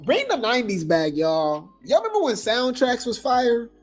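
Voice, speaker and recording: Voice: mid-range voice, sing-song, moderate pace, soft background music. A gossip news host talking loosely in slang, full of fillers and restarts. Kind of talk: casual gossip commentary.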